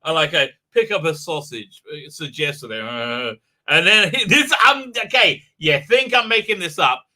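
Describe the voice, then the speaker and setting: A man's voice: fairly high pitch, animated, normal speed, bright, forceful tone. A middle-aged man hosting a livestream, rambling in a comic monologue with frequent giggles and fillers. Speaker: livestream host.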